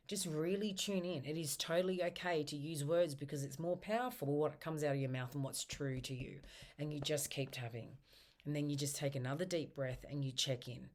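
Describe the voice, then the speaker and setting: A woman practitioner giving gentle self-help instruction, guiding a tapping round and slowly repeating its phrases. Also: low voice.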